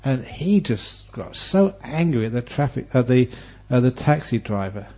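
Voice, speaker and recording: A man who is a Buddhist monk teacher, giving a Dharma talk and telling stories with humor and lively, varied delivery. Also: mid-range voice, moderate pace. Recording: dull lo-fi recording.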